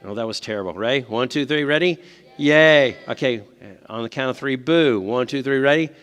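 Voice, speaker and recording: A man's voice: medium pitch, a little fast. A man speaking at a parent seminar, telling stories and asking the audience questions. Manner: conversational, asks the audience questions. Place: church hall. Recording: long hall reverb.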